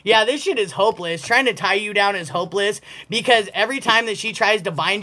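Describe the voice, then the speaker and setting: A woman's voice: mid-range voice, moderate pace, few pauses, bright, forceful tone. A woman giving a casual collective tarot reading, blunt and profane and often breaking into laughter. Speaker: tarot reader.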